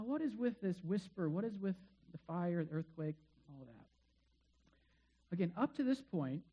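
This preacher's mid-range voice is mellow with a breathy edge, heard on a low-quality recording. His sermon feels relaxed and conversational, full of rhetorical questions and lighthearted jokes.

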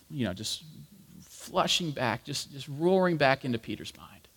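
A man's voice: on the high side, expressive, slow pace. A man preaching a sermon in a conversational, explanatory way, with frequent fillers. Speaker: pastor. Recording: long hall reverb.

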